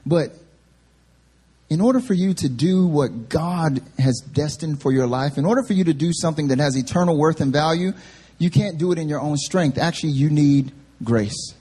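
A young male pastor preaching at a church service, animated and self-deprecating as he tells a story. His voice sits a bit high for a man but sounds mellow and husky. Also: normal speed. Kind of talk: sermon with humorous personal story.

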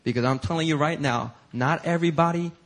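A male pastor preaching a sermon in a church, telling stories in an animated, conversational way. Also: fairly high pitch, quick pace. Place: church sanctuary.

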